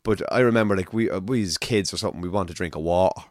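A man's voice: low-pitched, rapid-fire, no echo, clean studio sound. A man from Ireland with a Navan accent, chatting casually on a podcast and telling stories, swearing now and then. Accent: Navan, Irish. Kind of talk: casual chat.

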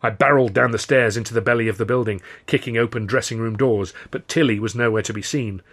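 Brief: male author-narrator, husky, brisk and wry. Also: mid-range voice, steady tone, a bit bright. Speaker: author reading his novel. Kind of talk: scripted narration.

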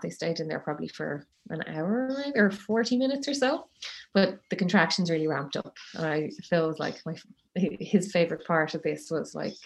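This is a woman in her thirties with a voice lower than most. She tells her story in a loose, chatty way, acting out what people said and laughing along the way. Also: creaky. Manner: chatty, laughs often, acts out quotes. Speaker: guest telling her birth story. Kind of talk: casual storytelling.

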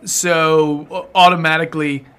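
A man's voice: fairly high pitch, flat delivery, a little slow, fairly bright tone, slight background noise. A young man, hosting a casual podcast and rambling with easy laughs and casual swearing. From American South. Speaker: podcast host.

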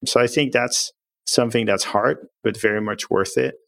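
A man's voice: medium pitch, fairly even intonation, moderate pace, vocal fry, fairly bright tone, no echo. A man, a company executive, explaining his firm's ways of working in an upbeat, plain-spoken way as an interview guest.

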